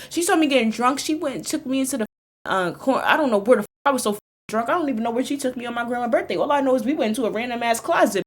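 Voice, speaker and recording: A young woman streamer telling a story casually, animated and profane, repeating lines for effect. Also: fairly high pitch, very fast.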